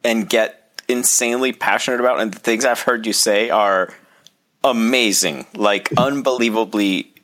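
A man's voice: fairly low pitch, fairly even intonation, normal speed, fairly bright tone. A man co-hosting a casual chat, teasing and amused. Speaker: podcast co-host.

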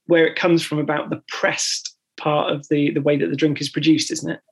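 A man's voice: a little high, little pitch movement, normal speed, breathy edge. A man co-hosting a podcast, chatting agreeably and repeating words as he thinks. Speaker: podcast co-host. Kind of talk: casual chat.

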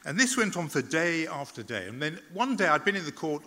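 A man, a journalist, giving a public talk in a measured, reflective storytelling manner, often pausing on "uh" and restarting words. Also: on the high side, very animated, sharp tone, long reverb tail.

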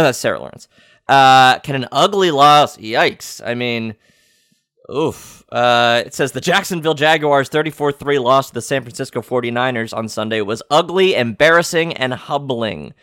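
A man's voice: medium pitch, fairly bright tone, no room sound, studio quality. A man hosting a comedic sports-headline podcast, rambling and playfully clueless, with lots of fillers and restarts. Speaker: podcast host.

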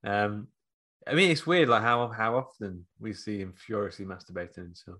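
A man co-hosting a podcast, talking in a laid-back, halting way. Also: lowish voice, pushed and bright. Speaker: podcast co-host. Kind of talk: casual comedic chat.

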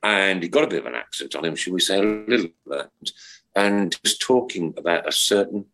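A man's voice: sits low, animated, fairly quick, sharp tone. A middle-aged man hosting a podcast in casual chat, jokey and rambling, with many fillers and restarts. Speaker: podcast host.

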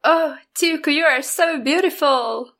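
A vain, cheerful adventurer introduces herself at an unhurried pace, played by a woman at the table. Her voice sits a little high. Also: fairly bright tone. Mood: playful. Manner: playful.

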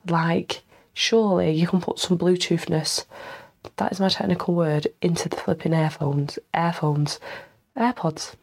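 A woman's voice: fairly low pitch, vocal fry, a little mellow. A young woman hosting a casual solo podcast, rambling and self-mocking, a little stuffed up with a cold and tired. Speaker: podcast host.

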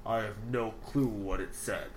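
A man doing a slow, deep Darth Vader voice. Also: steady tone, close to an everyday voice. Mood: ominous. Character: Darth Vader impression, deep menacing male villain. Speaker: podcast co-host reading a listener email. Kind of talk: put-on voice reading a letter aloud. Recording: loud clicking noise over the voice.

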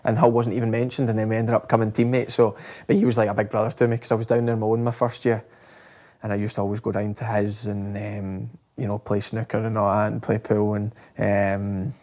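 A man's voice: on the low side, little pitch movement, fairly quick, darkish tone. A Scottish man, a footballer guest in an interview, telling stories in a rambling, casual way and repeating his words. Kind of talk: casual storytelling chat.

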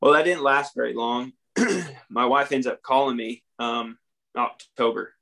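A man's voice: medium pitch, measured pace, vocal fry, fairly bright tone. Earnest young man telling his story. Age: young adult. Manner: earnest, plain-spoken, acts out his own past dialogue. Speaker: podcast guest. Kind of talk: candid storytelling about addiction recovery.

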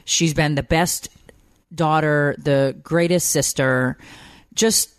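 A woman's voice: low voice, steady tone, takes it slowly, smooth, no room sound, studio quality. A woman hosting a podcast, telling personal stories in a casual, emotional, rambling way with lots of fillers. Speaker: podcast host. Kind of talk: casual chat.

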